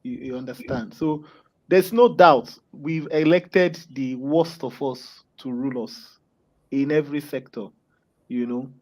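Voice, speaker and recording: A man's voice: medium pitch, a little slow, low-quality recording. A man giving political commentary as a panel guest, hesitant and groping for words.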